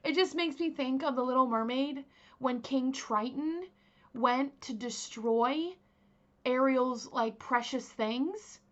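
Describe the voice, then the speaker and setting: A woman's voice: sits high, slow pace, muffled recording. A young woman casually telling a true crime story as host, chatty, with many fillers and asides to her viewers.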